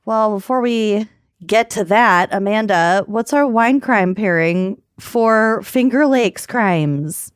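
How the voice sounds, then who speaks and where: A woman's voice: mid-range voice, slow pace, clean tone, no echo, clean studio sound. A woman co-hosting a podcast in casual, joking chat. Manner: chatty, joking, laughs easily. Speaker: podcast co-host.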